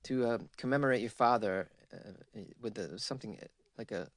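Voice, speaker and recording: A man hosts a podcast in loose, casual chat, rambling and joking with plenty of fillers and restarts. His voice sits at an ordinary middle pitch. The sound is dry and close, with no room around it. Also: normal speed, dry recording. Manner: rambling, jokey, lots of fillers. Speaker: podcast host.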